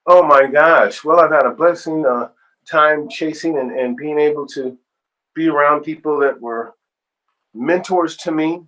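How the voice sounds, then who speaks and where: A man, a singer-songwriter, being interviewed and telling stories in an animated, expressive way. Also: a little high, a little slow, rough recording. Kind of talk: storytelling interview.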